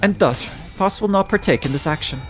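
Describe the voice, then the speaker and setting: A man's voice: high voice, a little fast, over music, pitched above the performer's own voice. A man putting on an aloof, logical young woman. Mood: deadpan. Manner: flat, formal, matter-of-fact reasoning.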